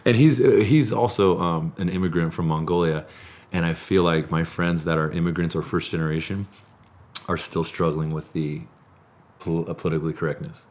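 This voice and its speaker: Deep-voiced man telling animated stories. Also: normal speed. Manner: animated storytelling, laughs often. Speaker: podcast host. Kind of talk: casual chat. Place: studio.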